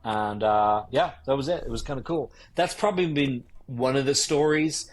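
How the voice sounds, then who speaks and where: Guest spot: husky-voiced man in his 50s, mid-pitched, swearing freely as he tells lively anecdotes. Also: moderate pace. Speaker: guest wedding photographer. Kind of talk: casual interview storytelling.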